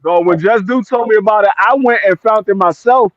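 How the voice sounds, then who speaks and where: A man in a casual boxing chat, telling stories in an animated, profane way. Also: high voice, fairly quick, no echo, dull audio. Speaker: boxer guest.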